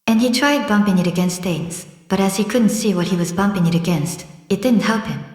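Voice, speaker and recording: Gentle woman reading a storybook aloud. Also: medium pitch, brisk. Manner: gentle, describes pictures aloud. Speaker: audiobook narrator. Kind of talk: scripted storybook narration. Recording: roomy echo.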